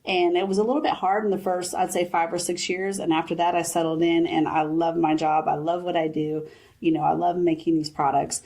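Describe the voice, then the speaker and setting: A woman in her forties, a business founder, chatting in an interview and retelling advice in lively quoted voices. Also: on the low side, a little fast. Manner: animated storyteller, quotes her mother. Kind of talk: casual interview chat.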